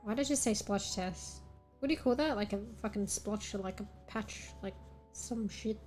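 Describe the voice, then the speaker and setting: A woman's voice: medium pitch, moderate pace, a little mellow, soft background music. A young Australian woman chatting casually on a stream, rambling, swearing often and laughing between thoughts. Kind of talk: casual chat.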